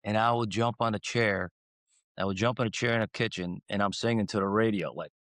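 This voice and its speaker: A man from Croatia, a guest in a casual interview who tells rambling stories with lively swings in his voice. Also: fairly quick, dry recording, studio quality. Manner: animated, rambling, acts out quotes with swings in pitch. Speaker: guest singer.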